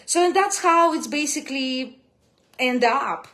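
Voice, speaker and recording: Speaking in an unhurried way, this animated woman from Kazakhstan has a Russian accent and uses non-native grammar. She shares casual personal stories to camera, her pitch and loudness swinging widely.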